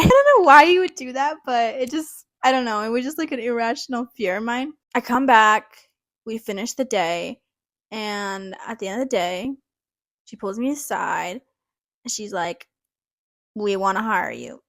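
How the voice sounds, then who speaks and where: A young woman telling a story in a casual vlog about her job as a dental assistant, chatty and animated, acting out what people said. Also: on the high side, moderate pace. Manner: chatty, animated, acts out quotes.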